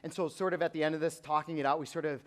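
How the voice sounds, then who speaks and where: A young man, a youth pastor, telling a personal story in a sermon, earnest, sometimes hushed and sometimes emphatic. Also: on the high side, steady tone, rapid-fire. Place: church auditorium. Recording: long hall reverb.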